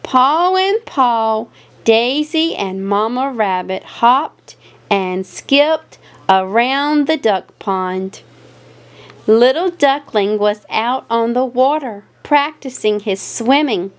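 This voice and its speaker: A woman's voice: a little high, expressive, slow, clean tone. A woman reading a children's picture book aloud with a playful, sing-song delivery. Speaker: storyteller.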